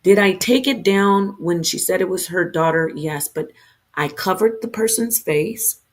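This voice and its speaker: A woman with a somewhat low voice delivers an unscripted livestream rant to her viewers. She sounds heated and defensive, rambling from point to point and restarting her sentences as she goes. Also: unhurried. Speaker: streamer.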